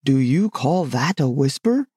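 A man's voice: medium pitch, sing-song, a little slow, mellow, husky, no room sound, clean studio sound. A man doing a fussy flustered old king. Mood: indignant.

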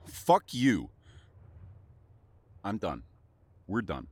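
Male actor as a bitter secret lover for an audio role-play; slow, swearing, lively pitch. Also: husky, no echo, heavily acted. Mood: hurt. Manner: swearing, halting, repeats words. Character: jealous secret lover, young adult man, wounded and bitter. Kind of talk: audio role-play addressed to a silent listener.

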